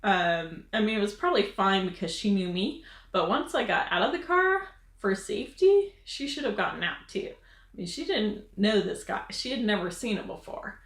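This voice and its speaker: A woman's voice: medium pitch, very animated, moderate pace, a bit bright. A woman hosting a vlog, chatting casually to camera with advice, rambling with fillers and laughing often. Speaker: vlog host. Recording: roomy echo.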